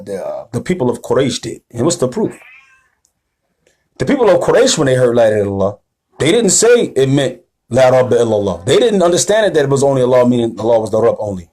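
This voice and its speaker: A man giving a sermon-style religious lecture, emphatic and slangy, often checking in with his listeners. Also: mid-range voice. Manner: rousing, rising and louder at the call to action. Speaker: religious teacher.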